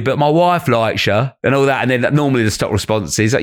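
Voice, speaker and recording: A man, a comedian telling quick anecdotes as a podcast guest, laughing and swearing casually. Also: medium pitch, expressive, fairly bright tone. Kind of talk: casual podcast chat, storytelling.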